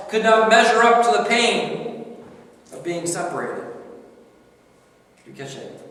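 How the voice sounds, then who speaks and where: A man gives an earnest sermon in a fairly high voice that climbs to emphatic peaks. The sound carries a long, ringing church-hall echo, picked up from far off by a distant room mic. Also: a bit bright. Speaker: preacher. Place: church sanctuary.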